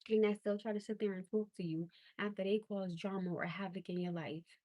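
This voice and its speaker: In a casual rant on her livestream, the host is blunt and exasperated, stressing her words with growing disbelief. Her medium-pitched, warm voice moves a little fast with fairly even intonation, and there's no room sound.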